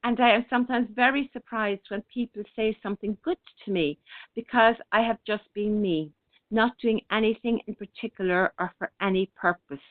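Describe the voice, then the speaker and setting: A woman hosting a spiritual talk radio show. She speaks gently and unhurriedly, reading out listener comments with many fillers and restarts. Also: mid-range voice, fairly even intonation, normal speed, dry recording. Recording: tinny phone-line internet radio.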